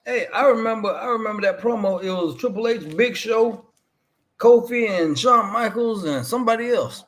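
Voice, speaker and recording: A man's voice: high voice, fairly bright tone. A man co-hosting a wrestling watch-along livestream, joking casually and tagging lines with "boy" and "man". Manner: joking, drawn-out slang, repeated "boy" and "man".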